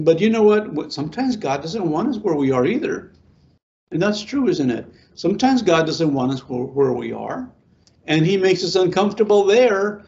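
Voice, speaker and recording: Conversational pastor, muffled recording. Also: male voice, sits high, darkish tone. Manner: conversational, asks the listeners questions, repeats words. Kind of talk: informal sermon to a small congregation.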